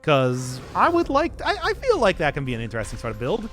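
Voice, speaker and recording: A man's voice: on the high side, wildly swooping pitch, brisk, a bit bright, soft background music. A man streaming a game, rambling in casual commentary and laughing at his own jokes.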